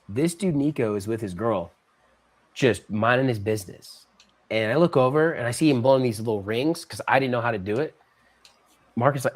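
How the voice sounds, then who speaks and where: A man guest on a podcast, telling a story in casual, slangy talk and acting out what people said. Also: mid-range voice. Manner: animated, slangy storyteller who acts out quotes.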